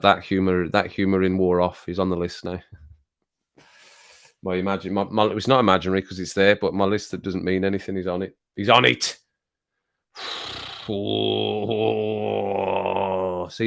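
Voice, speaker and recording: Low and creaky, his voice carries a casual livestream as he reads out viewer comments. He rambles and jokes, and every so often he gets worked up.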